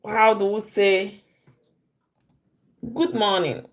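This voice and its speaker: A woman leads a live-stream language lesson. She talks at an unhurried, deliberate pace and says each phrase again and again so learners can follow. Her voice sits at an ordinary middle pitch. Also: flat delivery. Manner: repeats phrases slowly for learners. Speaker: language teacher.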